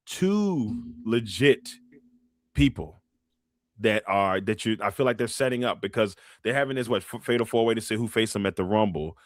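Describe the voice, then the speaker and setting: Animated, laid-back man podcast co-host. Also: on the low side, no room sound, studio quality. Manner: laid-back, laughs often, breaks into loud chants. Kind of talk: casual wrestling chat.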